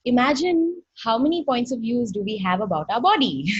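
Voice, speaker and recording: A woman's voice: on the high side, expressive, normal speed, slightly rough, no echo. A woman facilitator giving an effusive, earnest online workshop talk over a video call, often acting out little dialogues. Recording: dull dry video-call audio.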